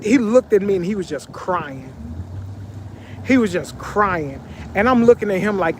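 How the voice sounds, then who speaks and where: High-voiced man telling a slangy story. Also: brisk, slight background noise. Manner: animated slangy storytelling with repetitions. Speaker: vlogger. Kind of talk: casual storytime narration. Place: sitting on a bench.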